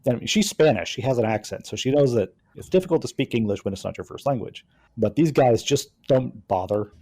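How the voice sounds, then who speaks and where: Guy on a podcast, mellow voice, rambly, lots of ums and uhs. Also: medium pitch, expressive, a little fast. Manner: rambling, hesitant storyteller with many fillers. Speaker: podcast co-host. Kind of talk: casual chat.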